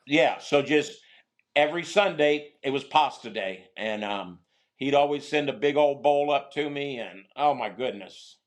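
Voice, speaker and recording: Rambling middle-aged man telling stories. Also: mid-range voice. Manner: rambling, halting, many restarts and fillers. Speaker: guest, former prisoner. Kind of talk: casual storytelling interview.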